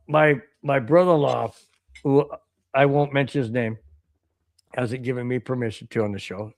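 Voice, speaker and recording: On a casual sports podcast, an American male co-host with a fairly high voice tells a rambling story and excitably reads out viewer chats. The recording is dry and studio quality.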